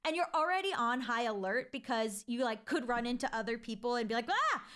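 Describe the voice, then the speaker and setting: A woman's voice: on the high side, fairly quick, fairly bright tone, clean tone. A woman telling a personal ghost story in a chatty, casual way, full of filler likes and restarts.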